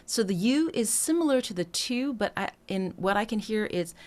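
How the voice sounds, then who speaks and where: A woman's voice: medium pitch, expressive, normal speed. A woman vocal coach talking through breath choices in a singing lesson, now and then singing short lines to demonstrate. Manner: explanatory, breaks into sung demonstrations, laughs lightly.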